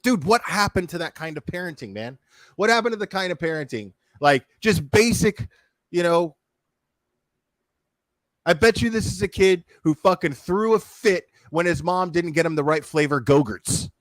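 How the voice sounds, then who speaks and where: A man's voice: sits high, expressive, moderate pace, no room sound. A man ranting profanely and heatedly as a streamer, commenting on a video and talking to his chat.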